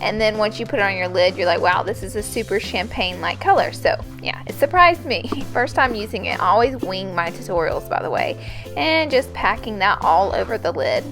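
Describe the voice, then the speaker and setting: A woman's voice: medium pitch, lively intonation, normal speed, a bit bright, soft background music. A young woman chatting through a casual makeup tutorial, bubbly and gushing as she talks. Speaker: beauty YouTuber.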